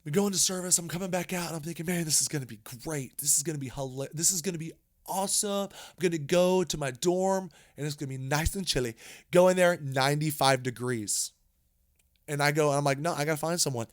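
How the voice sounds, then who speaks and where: A man co-hosting a podcast, telling a story in a casual, animated way, with frequent restarts and repeated words. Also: on the high side, fast. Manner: animated, rambling with many restarts. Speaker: podcast co-host.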